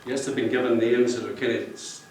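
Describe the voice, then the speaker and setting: Speaking at a book launch, this cover artist has a medium-pitched voice with a level tone and a brisk pace. He rambles and jokes to the audience in the function room, chuckling at his own lines. Slight background noise accompanies the echoey, distant-mic recording.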